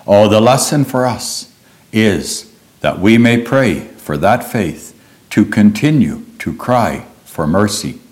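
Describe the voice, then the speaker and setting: A male preacher delivers a sermon at an unhurried, deliberate pace. His fairly low voice rises and falls with lively expression as he retells scripture earnestly. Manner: slow, earnest storytelling with lively rises and drops.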